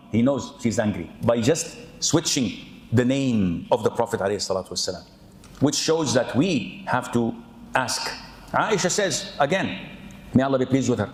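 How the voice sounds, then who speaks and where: A man preaching an animated, humorous sermon, often acting out the people he quotes. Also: mid-range voice, moderate pace. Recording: echoey room.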